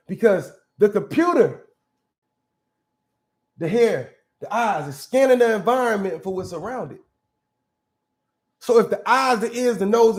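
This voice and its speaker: A man hosting a casual commentary show, arguing bluntly and with profanity as he reacts to clips, often restarting his sentences. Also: high-pitched. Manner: blunt, profane, argumentative, restarts mid-thought.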